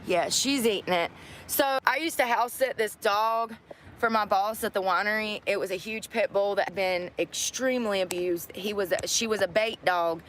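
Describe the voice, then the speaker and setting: A woman's voice: medium pitch, moderate pace, a bit bright. Rambling woman vlogging outdoors. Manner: rambling, gossipy, folksy. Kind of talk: casual chatty vlog. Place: outdoors by a store lot. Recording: outdoor traffic noise.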